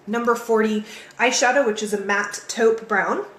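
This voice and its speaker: A woman hosting a live makeup tutorial, chatty and energetic, talking straight to her viewers. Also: on the high side, normal speed, reverberant, slight background noise. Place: home, in California.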